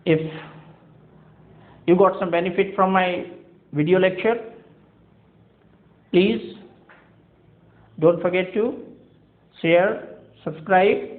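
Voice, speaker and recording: High-voiced teacher, echoey tinny sound. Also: male voice, fairly even intonation. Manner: spells words letter by letter and repeats each slowly. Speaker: English teacher. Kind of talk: classroom-style lecture mixing English and Hindi. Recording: echoey room on a thin phone-like line.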